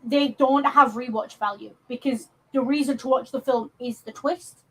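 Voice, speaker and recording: A woman's voice: high-pitched, steady tone, normal speed, a bit bright, rough recording. A woman from England co-hosting a podcast, chatting casually about films with lots of ums and restarts. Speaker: podcast co-host. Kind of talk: casual film discussion.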